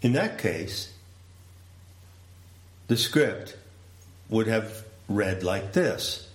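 A man giving a slow, deliberate, reflective storytelling talk. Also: lowish voice, expressive. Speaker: speaker. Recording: roomy echo.

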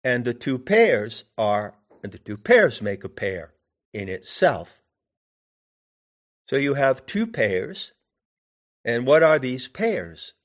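Male teacher, unhurried and deliberate, average pitch, checks in with the listener. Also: big pitch swings. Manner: deliberate, poses questions to the listener. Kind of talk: meditative teaching talk.

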